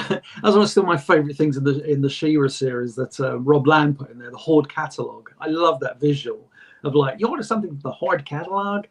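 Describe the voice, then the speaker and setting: A man's voice: fairly high pitch, a little fast, husky. A man co-hosting a podcast, chatting casually and reading fan letters aloud with jokey asides and frequent laughs. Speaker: podcast co-host.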